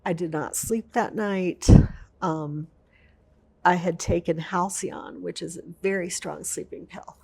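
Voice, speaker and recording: Gravelly-voiced woman telling her story. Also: on the low side, fairly even intonation, unhurried. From United States. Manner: emotional, vivid storytelling with repetition. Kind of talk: personal story in an interview.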